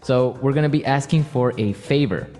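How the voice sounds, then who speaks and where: Man co-hosting a language lesson, relaxed, explanatory, reverberant hall, soft music behind. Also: mid-range voice, normal speed. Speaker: podcast co-host. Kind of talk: scripted English lesson talk.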